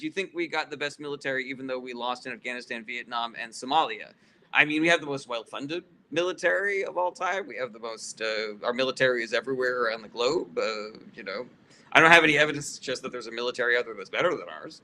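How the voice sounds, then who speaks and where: A man hosts a laid-back livestream, rattling off chat questions one after another at a quick pace, his bright, forceful medium-pitched voice full of lively intonation. Blunt and profane, he fills his answers with ums and uhs and gets heated and sarcastic with some chatters.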